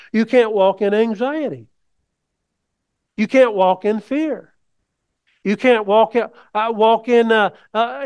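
Man, high-pitched, preaching, conversational, asks listeners questions. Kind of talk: sermon.

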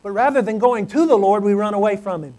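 High-voiced man preaching a sermon. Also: fast talker, poor audio. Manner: earnest, swings from loud exclamations to hushed low tones.

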